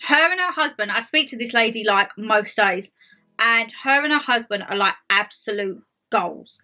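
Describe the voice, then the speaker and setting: A woman's voice: fairly high pitch, lively intonation, normal speed, sharp tone, faint music behind. A young woman chatting casually to camera, bubbly and talkative, full of quoted asides. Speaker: vlogger host. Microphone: tablet camera.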